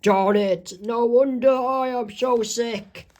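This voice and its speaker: A man voicing a sick male airline passenger in a fan comic reading, speaking slowly and complaining. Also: extremely high pitch, fairly even intonation, voice pushed up. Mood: grumbling.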